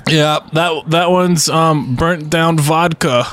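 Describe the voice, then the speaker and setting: A man's voice: on the high side, fairly even intonation, takes it slowly, a bit bright. A man voicing a rude male stoner running a smoke booth in a comedy skit, with a smoker's voice and a drawl.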